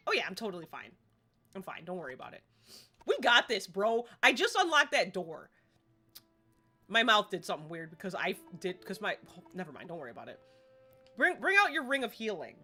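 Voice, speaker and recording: A woman streaming a game live, chatting excitedly and rambling to herself as she plays. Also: mid-range voice, a little fast, long pauses, breathy edge, soft background music.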